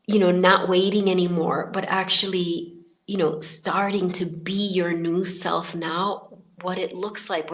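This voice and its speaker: A woman's voice: mid-range voice, a bit bright. A woman in her fifties hosting a podcast, telling a personal story in a casual, rambling way full of filler words and restarts. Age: 50s. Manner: chatty and rambling, many filler likes and restarts. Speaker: podcast host.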